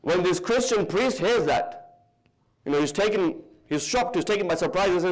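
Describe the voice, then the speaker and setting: High-voiced British preacher telling a story. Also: male voice, low-quality recording. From United Kingdom. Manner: lively, slows for emphasis, mixes in Arabic terms. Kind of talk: sermon storytelling. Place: large hall.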